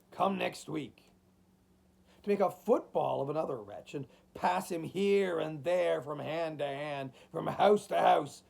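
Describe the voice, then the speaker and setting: A man reading a classic novel aloud, with an expressive, dramatic delivery. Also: fairly high pitch, gravelly. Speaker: audiobook reader.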